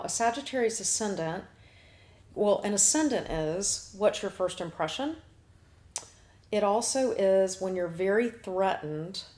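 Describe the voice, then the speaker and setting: A woman's voice: medium pitch, a little mellow. A woman hosting a talk show as an astrologer, chatting casually with blunt asides and frequent laughs. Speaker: astrologer host.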